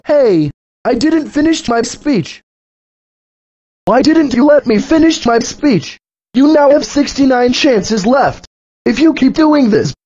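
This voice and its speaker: Barney, a squeaky scolding dinosaur voiced by a man. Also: a little mellow, slightly rough, exaggerated voice. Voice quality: very high-pitched. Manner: scolding, threatening, repeating rules. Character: bossy scolding purple dinosaur, male. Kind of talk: fan cartoon voice acting. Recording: dull lo-fi audio.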